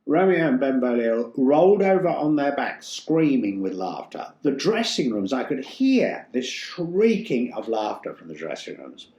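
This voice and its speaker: An older man from Yorkshire, a stage actor telling stories in an interview with a theatrical, animated manner. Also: mid-range voice, measured pace, hardly any pauses, highs cut off. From Yorkshire, England. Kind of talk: casual interview storytelling. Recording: roomy echo, faint music.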